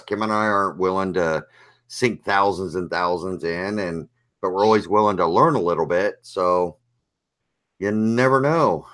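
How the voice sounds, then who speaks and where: A man's voice: low voice, unhurried, a bit bright. A man co-hosting a casual live-stream chat, joking and giving advice to guests. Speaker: podcast co-host.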